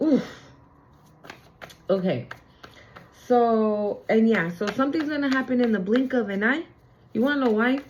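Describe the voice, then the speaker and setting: Young woman, relaxed unhurried spiritual reader, emphatic slangy chatter, slightly muffled home recording. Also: fairly high pitch, slight background noise. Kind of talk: casual tarot-style channeled reading.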